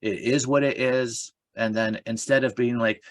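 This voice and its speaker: A man's voice: medium pitch, fairly even intonation, normal speed, no room sound. A man who is a guest on a spiritual talk. He tells a rambling, casual story full of fillers and restarts.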